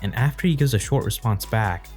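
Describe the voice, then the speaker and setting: A man calmly explaining his points in an analytical video essay. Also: on the low side, brisk, faint music behind.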